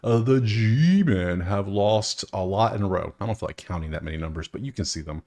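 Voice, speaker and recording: Young male host with a lowish voice for a casual betting breakdown, loose and chatty, thinks out loud. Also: expressive, a little fast. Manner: loose, talking to himself, swears.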